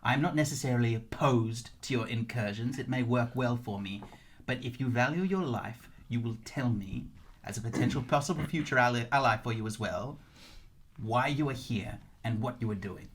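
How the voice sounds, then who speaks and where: A man's voice: medium pitch, normal speed, slight background noise, lightly acted. A man voicing a sarcastic, scheming female sorceress who speaks in cool, veiled threats. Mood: menacing.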